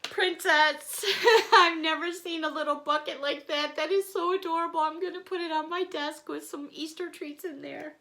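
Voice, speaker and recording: Lady vlogger opening mail, high bright voice, slow and gushy, kinda teary. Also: steady tone. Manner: emotional, gushing, apologetic, chatty with little laughs. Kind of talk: casual chat to camera.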